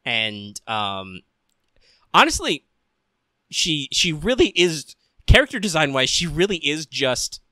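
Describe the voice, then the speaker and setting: A young man co-hosting a casual podcast, rambling about an anime with plenty of swearing and deadpan quoted lines. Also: a little high, measured pace, no room sound. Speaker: podcast co-host.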